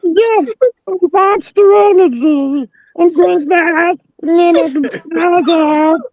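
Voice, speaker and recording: A very high, squeaky Elmo impression, drawn out slowly and mumbled so the words blur together. The tone is dark and muffled, and soft noise sits behind it. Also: male voice, fairly even intonation, no room sound, heavily acted. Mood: rambling goofy. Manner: mumbling, hard to understand. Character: Elmo, small furry red childlike monster. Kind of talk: comic voice impression.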